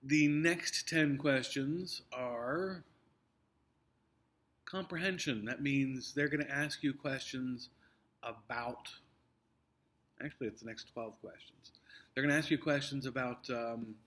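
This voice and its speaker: A man's voice: mid-range voice, takes it slowly, pauses often, fairly bright tone. A man teacher walking his students through an upcoming test, explaining patiently with many fillers and restarts. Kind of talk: recorded test review for students.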